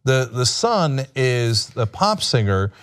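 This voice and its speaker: A man's voice: medium pitch, very animated, slow, fairly bright tone, clear, resonant tone. A man giving sarcastic political commentary in a mocking manner.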